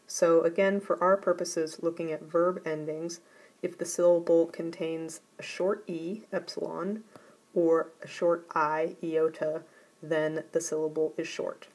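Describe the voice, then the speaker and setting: Slow, careful woman teaching a lesson. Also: deep voice, little pitch movement, darkish tone, rough recording. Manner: slow, careful and deliberate explanation. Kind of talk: recorded grammar lesson.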